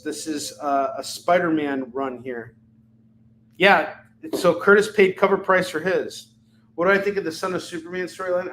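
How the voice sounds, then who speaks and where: His voice is on the high side with a fairly bright tone as he hosts a live shopping show, firing off items and prices amid jokes and chatter. The recording is rough, with slight background noise.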